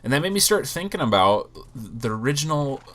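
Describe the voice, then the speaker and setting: A man chats casually while playing a game with his wife, his voice low and a little groggy from the early hour. He rambles and thinks aloud at a middling pitch, and keyboard typing clicks behind him. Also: big pitch swings, brisk, a bit bright. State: low morning voice. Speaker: gaming channel host. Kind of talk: casual gameplay commentary.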